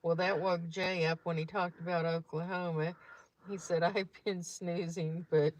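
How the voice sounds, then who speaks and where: A woman rides along on a nighttime car livestream, reading viewer comments and teasing the driver. Her voice sits slightly low and relaxed. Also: a little slow, rough recording. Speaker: co-host, passenger. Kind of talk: casual chat while riding in a car.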